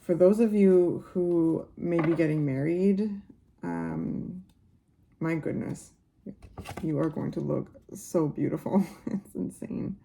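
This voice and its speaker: A woman who reads tarot in a relaxed, musing way. She talks to her viewers with affection and fills the pauses with "um" and "like." Her voice is dark and mellow, her delivery slow and drawn out, and her pitch sits a little low. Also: vocal fry, slight background noise. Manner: unhurried and musing, many fillers, speaks warmly to viewers. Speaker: tarot reader. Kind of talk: casual tarot reading to camera.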